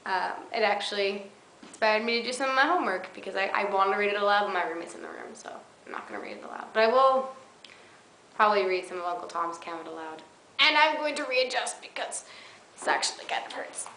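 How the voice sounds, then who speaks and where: A woman's voice: mid-range voice, animated, fast talker, sharp tone. A young woman, a college student, chatting casually to her webcam in a dorm room, rambling with giggles and fillers. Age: young adult. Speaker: college vlogger. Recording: roomy echo, faint background noise.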